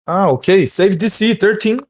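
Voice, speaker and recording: A man's voice: high-pitched, a little slow. A man playing in a tabletop game over a call, giving brief, hesitant answers. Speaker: player.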